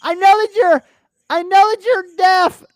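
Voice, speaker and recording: A man imitating a female flight attendant who yells every word at a passenger. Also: extremely high pitch, fairly even intonation, no echo, pitched above the performer's own voice. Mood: yelling. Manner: yelling slowly at a passenger. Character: loud, over-careful female flight attendant.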